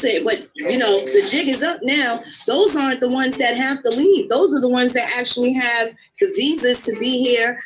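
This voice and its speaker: A woman's voice: fairly high pitch, background noise. A woman hosting a call-in talk show, answering with short affirming agreements.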